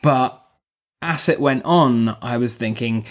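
A man's voice: medium pitch, slow. A man co-hosting a podcast in casual chat, rambling and joking, restarting his sentences as he thinks aloud. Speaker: podcast co-host.

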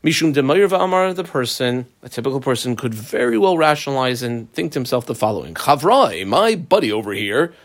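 A man's voice: mid-range voice, fairly quick, hardly any pauses. A man teaching a text line by line, explaining each phrase and briefly acting out the people in the case. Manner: animated, acts out claimants' voices. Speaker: Talmud teacher. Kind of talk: line-by-line text study lesson.

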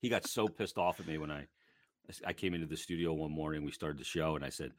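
A man co-hosting a casual sports podcast, telling animated stories and laughing often. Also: rumbling low, fast talker, no echo. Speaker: podcast co-host.

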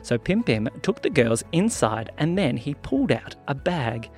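Lively man telling a kids' story. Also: mid-range voice, moderate pace, husky, faint music behind. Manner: lively, animated reading. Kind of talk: children's story narration.

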